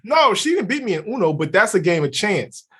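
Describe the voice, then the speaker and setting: A young adult man co-hosting a podcast, chatting casually, laughing often and acting out quotes in an animated way. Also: high-pitched, brisk, breathy edge. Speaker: podcast co-host. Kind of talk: casual chat.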